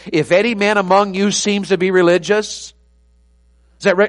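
Man, preacher, high voice, fervent then hushed, faint electrical hum. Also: steady tone, moderate pace. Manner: swings from loud fervent preaching to soft hushed tenderness; reads scripture aloud in King James wording. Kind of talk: evening sermon.

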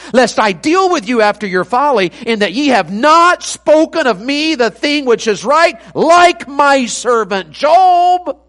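A man preaching an evening sermon, swinging from loud fervent preaching to soft, tender asides and reading scripture in old-fashioned wording. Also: very high-pitched. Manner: reads scripture aloud in King James wording.

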